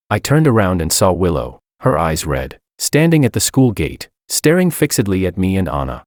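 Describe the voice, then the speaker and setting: A man narrating a first-person story in an even, wry tone. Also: low-pitched, moderate pace, hardly any pauses, no echo, studio quality.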